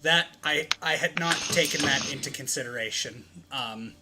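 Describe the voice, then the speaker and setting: A man in casual banter with friends, animated and profane, rambling as he talks. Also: mid-range voice, moderate pace, very noisy.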